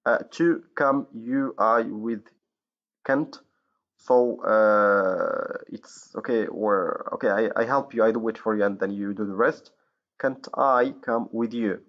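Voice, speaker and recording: A man from Morocco teaching an English grammar lesson, pausing often with fillers and correcting himself, in a dull lo-fi recording. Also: on the low side. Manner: hesitant, many fillers and self-corrections.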